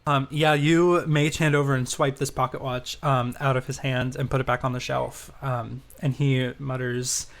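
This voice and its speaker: A man's voice: medium pitch, little pitch movement, moderate pace, vocal fry, hardly any pauses. A man narrating as game master in a tabletop role-playing game, with many fillers and eager praise. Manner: filler-heavy, enthusiastic praise.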